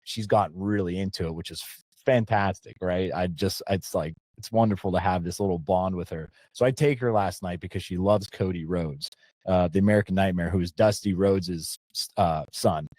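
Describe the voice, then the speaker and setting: In casual podcast chat, a middle-aged Pennsylvanian tells a story loosely, looping back and restarting as he goes. He speaks at a moderate pace in a warm, mellow, low voice, and the close, dry recording has no room sound.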